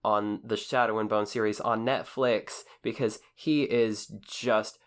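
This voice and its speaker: A man co-hosting a casual podcast, talking in an earnest, measured way as he runs through news and listener shout-outs. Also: fairly low pitch, steady tone. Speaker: podcast co-host.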